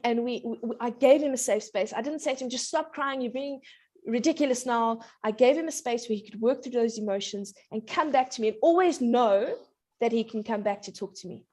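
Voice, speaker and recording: Chatty parenting coach woman, higher voice. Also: brisk. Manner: warm anecdotal, laughs often, acts out child voices. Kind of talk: casual talk show chat.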